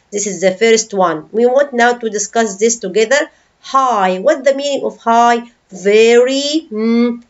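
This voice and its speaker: Lady english teacher going slow, sounding out syllables one by one, kinda dull lo-fi sound. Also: a little high. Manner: patient, explains words and asks the class questions; breaks words into syllables slowly. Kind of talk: online English lesson.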